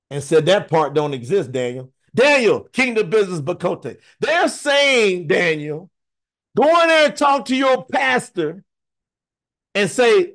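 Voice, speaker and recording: A man preaching in an online scripture teaching, emphatic and animated, calling out to viewers by name. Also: high voice.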